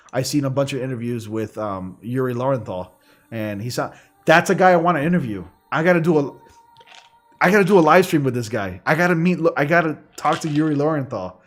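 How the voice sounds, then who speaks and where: A man hosting a gaming livestream, chatting casually in a rambling way, full of fillers. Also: medium pitch. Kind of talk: casual chat while streaming. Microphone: studio condenser microphone.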